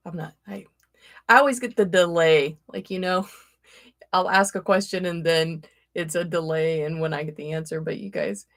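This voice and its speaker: Hosting a casual livestream as a tarot reader, a woman from Florida chats with viewers, greets them by name and laughs often. Her voice is low-pitched and her pace moderate. There's no room sound.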